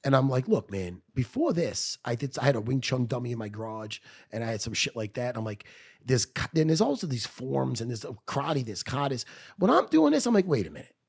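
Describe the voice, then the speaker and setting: A man's voice: medium pitch, big pitch swings, brisk, gravelly, breathy edge. A middle-aged man, telling a blunt, profane story as a guest in a podcast studio. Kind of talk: storytelling in conversation.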